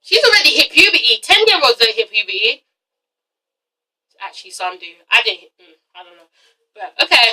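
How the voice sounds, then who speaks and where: A woman's voice: on the high side, sing-song, brisk, long pauses, pushed and bright, far from the mic, low-quality recording. A woman reviewing a TV episode in a casual, gossipy rant, frank and swearing freely. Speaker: TV show reviewer.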